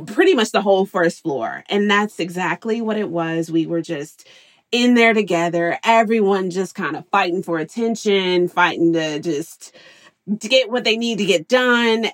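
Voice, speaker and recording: This is a woman in her thirties telling candid stories about working from home with her kids. She is animated and laughs often, and she acts out what she said back then. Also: medium pitch. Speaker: interview guest, working mother. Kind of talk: candid storytelling.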